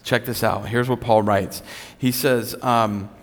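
A man in a middle register preaches a conversational sermon, telling stories in a loose, relaxed way with self-deprecating humor. His voice rings out with the long reverb of a large hall. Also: mid-range voice, a little slow. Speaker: pastor.

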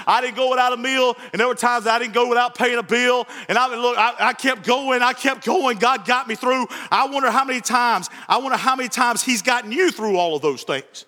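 A man preaching with a very high, bright, sharp voice, animated and joking and often repeating himself. His voice rings through a church sanctuary with a long reverb. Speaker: pastor. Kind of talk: sermon.

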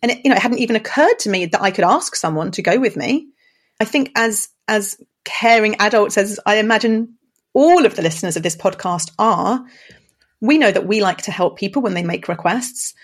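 Woman podcast co-host, calm and encouraging, thoughtful way of talking. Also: medium pitch, brisk. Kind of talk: casual conversation.

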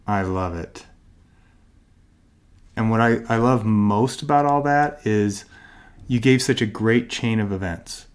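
A man's voice: on the low side, takes it slowly, long pauses, clear, resonant tone. A man hosting an interview, affirming his guest and setting up questions with encouragement. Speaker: host.

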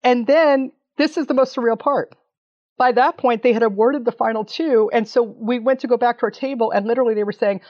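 A woman in her fifties telling an animated story as an interview guest, laughing often and swearing casually. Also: on the high side, brisk. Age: 50s. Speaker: interview guest, documentary maker. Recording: dull lo-fi audio.

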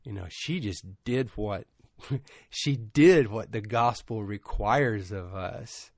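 A man's voice: fairly low pitch, slow pace, no echo. Middle-aged man preaching in a dry voice. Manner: informal, rambling, many "you know" asides. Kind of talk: conversational sermon with storytelling.

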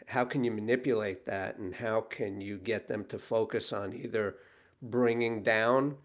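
A man's voice: lowish voice, fairly even intonation, unhurried. A man hosting an interview, summing up his guest's point and asking thoughtful questions. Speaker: host. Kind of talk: conversational podcast interview.

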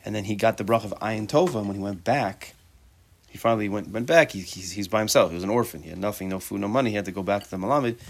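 A man's voice: on the low side, fast talker. A man teaching a Torah class, talking casually, mixing Hebrew terms into his English and tossing out rhetorical questions and joking asides to his students.

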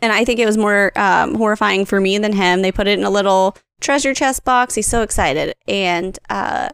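Animated mom telling stories on a podcast. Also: female voice, mid-range voice, normal speed, creaky, clear, resonant tone, dry recording, clean studio sound. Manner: animated, acts out her kids' voices. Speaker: podcast co-host. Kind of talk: casual storytelling chat.

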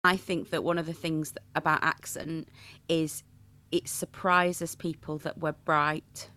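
Animated regional English woman priest. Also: low-pitched, measured pace. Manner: playful, animated storytelling. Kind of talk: conversational interview.

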